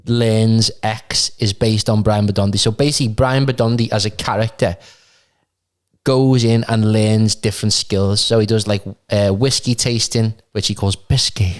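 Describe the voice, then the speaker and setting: A man co-hosting a casual podcast chat, easygoing and persuasive as he pitches ideas. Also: fairly even intonation, normal speed. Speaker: podcast co-host.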